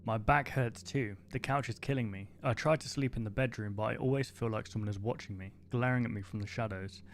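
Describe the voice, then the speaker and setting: A man on a live stream, reading a story's text aloud in a low voice and breaking off into casual asides. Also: fairly quick, a little hiss or hum. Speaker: streamer reacting to a horror series.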